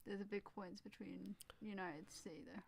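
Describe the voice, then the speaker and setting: A woman's voice: medium pitch, level tone, normal speed, gravelly, slightly rough, no echo. A young woman co-hosting a live football stream, chatting casually, laughing and asking naive questions. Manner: giggly, asks naive questions. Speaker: co-host guest.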